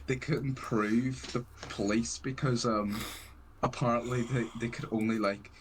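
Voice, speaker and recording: A man's voice: mid-range voice, steady tone, a little slow, noisy background. A man chatting on a casual live stream, telling a story in a rambling way with lots of "like". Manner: rambling storyteller, many fillers of "like".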